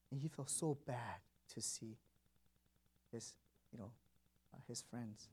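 A man's voice: mid-range voice, slow pace, pauses often, darkish tone, husky. A man preaching a sermon as pastor in a church, stressing words and repeating phrases for emphasis.

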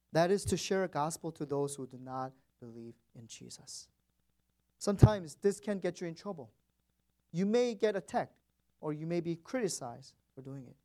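A man's voice: on the high side, dark tone. A man preaching a sermon as pastor in a church, stressing words and repeating phrases for emphasis.

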